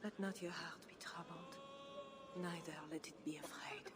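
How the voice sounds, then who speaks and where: A grave, devout queen from a game speaks in solemn, measured phrases. Her voice sits low for a woman. A steady hiss runs under the recording. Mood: prayerful. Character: pious grave queen sheltering her people.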